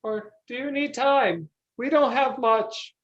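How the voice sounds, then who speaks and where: A woman's voice: on the high side, takes it slowly, dull audio. A woman voicing an anxious, humble peasant man who pleads eagerly for help. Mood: eager, pleading.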